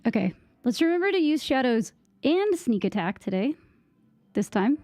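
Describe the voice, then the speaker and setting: A young woman chats casually while she plays, her thoughts wandering and her sentences full of "like." Her voice sits fairly high with a soft, mellow tone. The sound is dry and close, like a desk mic. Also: sing-song, moderate pace, no room sound. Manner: rambling, distracted, filler-heavy with "like". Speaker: gaming streamer. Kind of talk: casual gameplay chat.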